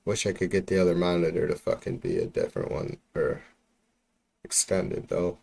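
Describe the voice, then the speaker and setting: Guy ranting on his stream, swears a lot, keeps restarting sentences, lowish voice. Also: sing-song, normal speed, vocal fry, a little mellow, husky. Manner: profane, exasperated, rambling with frequent restarts. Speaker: political livestream host. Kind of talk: casual ranting livestream commentary. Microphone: computer mic while streaming.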